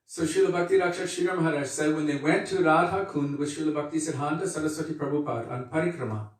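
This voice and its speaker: Male spiritual teacher, measured devotional talk, repeats phrases, distant and echoey. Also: on the high side. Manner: earnest, unhurried, repeats phrases for emphasis. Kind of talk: devotional lecture.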